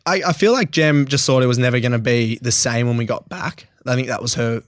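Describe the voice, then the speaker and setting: A man's voice: medium pitch, fairly quick, dry recording, clean studio sound. Australian young man telling a raw story. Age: 20s. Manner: blunt and emotional, swears freely, laughs often. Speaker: guest. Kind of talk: candid podcast interview.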